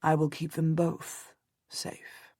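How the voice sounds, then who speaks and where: A woman's voice: sits low, moderate pace, gravelly, no echo, clean studio sound. A woman murmuring as a wry English nobleman. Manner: quiet, murmured asides. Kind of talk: audiobook narration.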